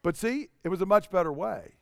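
A man preaching a relaxed, dry sermon. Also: high voice, fairly quick, gravelly, no room sound. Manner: conversational storytelling with rhetorical questions to the congregation. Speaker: pastor.

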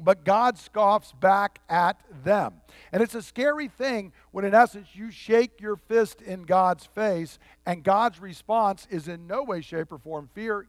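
A male pastor delivering a sermon in a high-pitched voice. He preaches emphatically, building to forceful peaks and then dropping low and quiet, acting out the quoted lines. The sound is dry and close. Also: no echo.

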